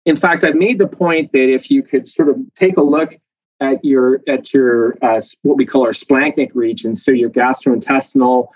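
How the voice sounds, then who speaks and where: A man who is a professor, explaining things as a guest in a casual interview with a lively, chatty manner and many fillers. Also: medium pitch, normal speed, dry recording. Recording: dull dry lo-fi sound.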